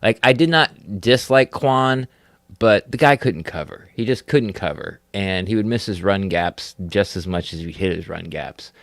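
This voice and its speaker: A man's voice: low-pitched, measured pace, fairly bright tone, dry recording, studio quality. A man co-hosting a casual sports podcast who rambles, leans on lots of fillers, and laughs easily. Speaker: podcast co-host.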